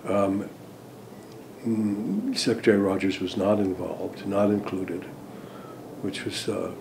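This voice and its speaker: An older American man, a former diplomat, recalling events in an interview, hesitant with many ums and restarts, trailing off softly at phrase ends. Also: fairly low pitch, animated, slow, creaky, noisy background. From United States. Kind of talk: interview recollection.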